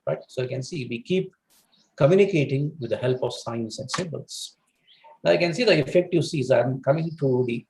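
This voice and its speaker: A man's voice: mid-range voice, darkish tone. A man from India giving a rambling lecture at an online webinar, peppering his talk with "you know" and addressing listeners as "my dear friends". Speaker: webinar speaker on English communication. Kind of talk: lecture presentation. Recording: echoey room.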